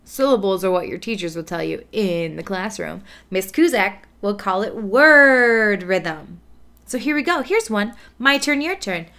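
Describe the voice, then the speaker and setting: A woman teaching an online music lesson to kindergarten children, encouraging them with praise and spelling out words slowly. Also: mid-range voice, lively intonation, fairly bright tone.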